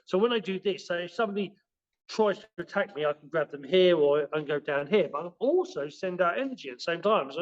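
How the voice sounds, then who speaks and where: A man's voice: high voice, lively intonation, fast talker, lo-fi sound. A man, a martial arts teacher, explaining his practice in a rambling way, full of fillers and restarts, as a podcast guest. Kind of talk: casual spoken explanation in a podcast interview.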